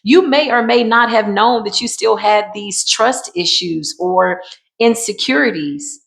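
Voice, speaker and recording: A woman's voice: medium pitch, a little slow, vocal fry, a bit bright. A woman doing a casual tarot card reading, talking in an emphatic, repetitive and colloquial way and calling her viewers y'all.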